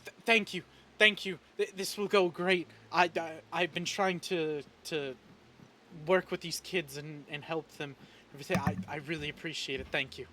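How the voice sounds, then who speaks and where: A flustered young woman who runs an orphanage, as a man puts her on for a tabletop game. She stammers through her thanks in a high, bright voice. Faint room ambience sits behind her. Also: steady tone, normal speed, slight background noise. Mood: grateful. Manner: stammering, eager. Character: young woman running an orphanage, nervous and grateful.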